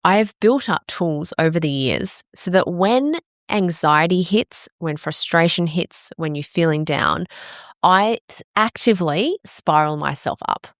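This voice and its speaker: A woman's voice: fairly low pitch, expressive, unhurried, no echo, clean studio sound. A woman in her forties, a fitness coach, talking frankly and swearing freely in a candid personal monologue. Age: 40s.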